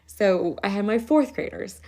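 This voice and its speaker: Lively woman telling funny stories. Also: unhurried. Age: 30s. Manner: animated, laughs often, raises pitch to quote kids. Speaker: podcast host and school teacher. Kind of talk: casual storytelling chat.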